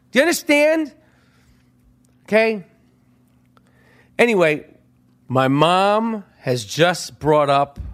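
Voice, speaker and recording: A middle-aged man with a slightly higher-than-average voice tells a story on his own podcast. He swears constantly and bursts loud, then drops to muttered asides. It is a casual, unscripted monologue. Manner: animated, swears constantly, swings from loud outbursts to hushed asides. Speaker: podcast host.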